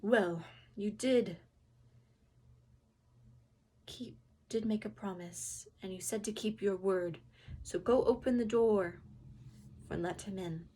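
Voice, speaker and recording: A woman's voice: mid-range voice, takes it slowly, long pauses, warm tone, slightly rough. Woman playing a stern fairy-tale king.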